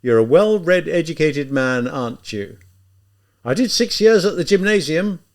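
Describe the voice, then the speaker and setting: A man's voice: a little high, expressive, moderate pace, pitched above the performer's own voice. A man reading aloud, voicing a flustered, defensive young male clerk in an audiobook. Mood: prim. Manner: anxious, rising and protesting. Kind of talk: audiobook character voice.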